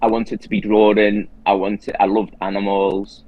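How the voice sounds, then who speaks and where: A man's voice: lowish voice, level tone, moderate pace, no room sound, dull audio. A man hosting a casual conversation who tells his story earnestly and with animation, restarting his sentences often. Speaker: host.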